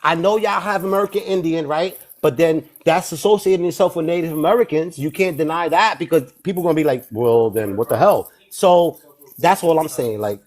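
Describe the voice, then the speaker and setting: A Puerto Rican man with a New York accent argues in long, rambling stretches full of restarts. He gets defensive and his slightly high voice jumps into shouts when he is pushed. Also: fairly quick. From Puerto Rico. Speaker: debate participant. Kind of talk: heated live online debate.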